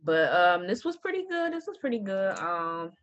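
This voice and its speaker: A woman's voice: medium pitch, big pitch swings, moderate pace, background noise. A woman from the US East Coast hosting a casual music listening call, talking in a laid-back, slangy, profane way. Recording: dull lo-fi call audio.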